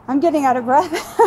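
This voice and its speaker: A woman's voice: high voice, dark tone, slight background noise, poor audio. A woman fitness instructor leading a workout, calling out moves and countdowns in an upbeat, coaching way while she exercises along.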